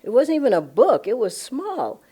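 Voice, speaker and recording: Older woman, lively storyteller. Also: on the high side, normal speed, breathy edge. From Los Angeles, USA. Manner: enthusiastic, laughing often, reenacting her own surprise. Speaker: spiritual director giving a satsang talk. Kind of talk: personal storytelling talk.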